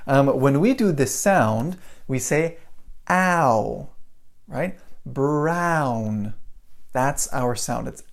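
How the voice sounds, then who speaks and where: A man's voice: medium pitch, expressive, very slow, vocal fry. An American man teaches English vowels on a live stream. He talks in a loose, chatty way, repeats words and sounds, and breaks off to greet viewers by name. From United States. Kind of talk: live-streamed pronunciation lesson.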